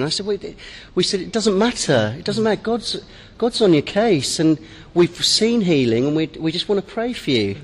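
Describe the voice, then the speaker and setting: A man telling a lively testimony story to a group, repeating words as he goes. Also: high voice, moderate pace, hardly any pauses, in a large hall. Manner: animated, repeats words, laughs easily. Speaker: church member sharing a story.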